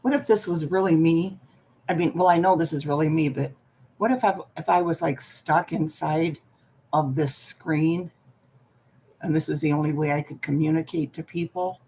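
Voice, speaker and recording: A woman's voice: low-pitched, normal speed, mellow, slight background noise. An older woman chatting playfully on a livestream from home into a laptop microphone, greeting viewers by name. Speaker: livestream host. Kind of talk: casual livestream chat.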